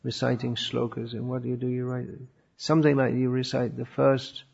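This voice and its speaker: A man teaching a lecture on scripture, thoughtful and pausing often with fillers, on a dull lo-fi recording. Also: mid-range voice, little pitch movement, gravelly, darkish tone, slightly rough. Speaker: religious teacher.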